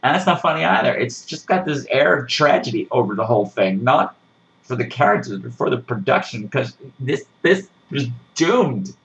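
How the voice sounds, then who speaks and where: A man's voice: on the high side, low-quality recording. Sarcastic man ranting animatedly. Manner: sarcastic, animated, swings into mocking voices. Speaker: podcast movie reviewer. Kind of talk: casual ranting review.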